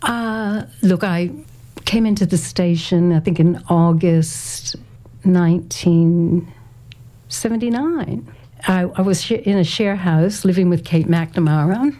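Mellow woman in her sixties. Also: lowish voice, slow. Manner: thoughtful and hesitant, reads quotes aloud, laughs often. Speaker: interview guest, former community radio volunteer. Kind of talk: reminiscing interview talk.

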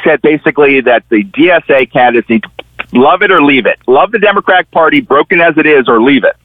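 A man's voice: on the high side, lively intonation, fast talker, no echo. A middle-aged man, a newspaper columnist and guest, telling stories animatedly and acting out the people he quotes. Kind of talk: conversational political commentary. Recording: tinny phone line.

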